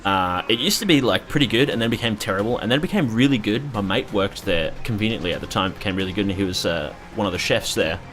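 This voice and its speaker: A man's voice: fairly low pitch, lively intonation, fast talker, hardly any pauses, fairly bright tone. Rambling young Australian man streaming. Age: 20s. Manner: rambling, profane, jokey. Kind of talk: casual chat while streaming a game.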